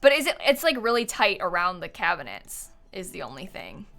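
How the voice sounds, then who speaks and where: A woman's voice: lowish voice, wildly swooping pitch, fairly quick, fairly bright tone, faint music behind. A woman streaming live, chatting casually and thinking aloud as she builds, with frequent ums and laughs.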